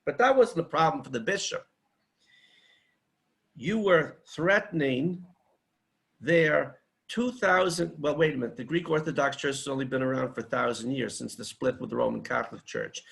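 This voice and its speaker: A man's voice: medium pitch, moderate pace, vocal fry, a bit bright, rough recording. A man speaking at a seminar in a fiery, declamatory, rhetorical way. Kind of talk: impassioned seminar talk.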